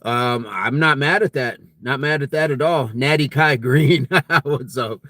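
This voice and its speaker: A man's voice: medium pitch, measured pace, few pauses, a bit bright, no room sound, studio quality. A man hosting a casual fitness live stream, reading viewer comments aloud in a jokey, friendly way and laughing often.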